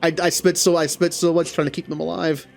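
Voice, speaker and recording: A man giving casual gameplay commentary. He talks to the characters on screen and yelps loudly at setbacks. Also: fairly high pitch, flat delivery, fast, vocal fry, soft background music. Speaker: gaming channel host.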